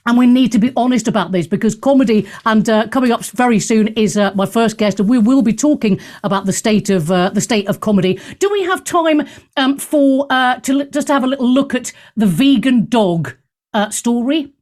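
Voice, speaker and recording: A woman hosting a radio talk show, blunt and straight-talking, speaking in an opinionated, animated way from a studio. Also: a little high, a little fast.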